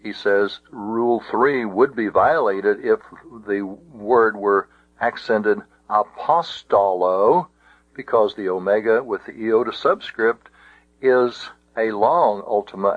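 A man's voice: fairly low pitch, a little slow, no echo. A man teaching Greek grammar, methodically and carefully spelling out each example. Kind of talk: explaining grammar rules. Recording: tinny phone-like audio.

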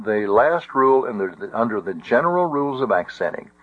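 A man teaching a Greek grammar lesson, speaking deliberately with frequent restarts. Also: medium pitch, very animated. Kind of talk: classroom lecture. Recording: dull lo-fi audio.

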